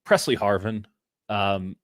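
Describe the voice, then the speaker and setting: A man co-hosting a casual sports podcast over a video call, talking in an animated way with playful asides. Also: fairly low pitch, slow, no echo, clean studio sound. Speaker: co-host.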